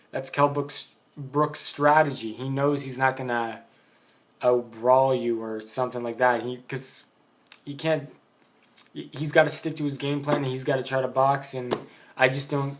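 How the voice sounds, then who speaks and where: A man giving a casual, blunt boxing opinion monologue, rambling with many fillers. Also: medium pitch. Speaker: boxing vlogger.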